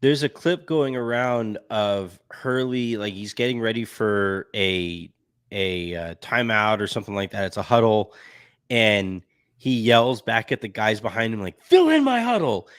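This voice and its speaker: A man's voice: lowish voice, a little slow, fairly bright tone, clean tone, no echo, clean studio sound. A man hosting a casual sports podcast, talking in a rambling way with many restarts. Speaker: podcast host. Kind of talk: casual chat.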